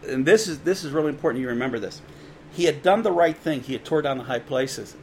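A man preaching a sermon in a conversational way, with quick asides and dramatic quoted voices. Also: on the high side, lively intonation, darkish tone, slight background noise. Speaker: pastor.

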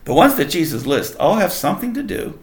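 A man's voice: a little high, big pitch swings, brisk, echoey room. A man leading a casual Bible study, reading verses aloud and explaining them in a conversational way. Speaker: Bible teacher.

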